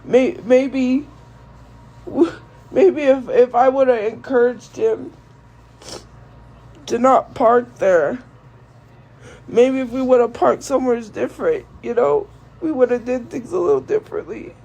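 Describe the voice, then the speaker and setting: Tearful young woman, high and slow. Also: animated, vocal fry, dark tone, low-quality recording. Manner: halting, grief-stricken, repeats herself. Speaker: live streamer. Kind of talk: emotional monologue to viewers.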